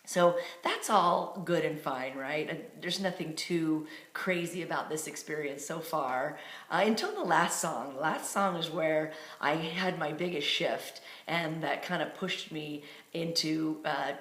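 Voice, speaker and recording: A woman with a low-pitched voice tells a personal story with a flair for the dramatic. She is an animated coach, speaking in a roomy, echoey space. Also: a little slow. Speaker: authenticity coach.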